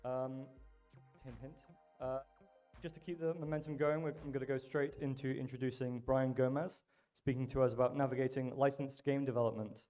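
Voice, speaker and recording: A man acting as host at a live event, making announcements and introducing the next speaker in a friendly, brisk way. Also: mid-range voice, little pitch movement, warm tone, faint music behind. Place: event venue with a bar.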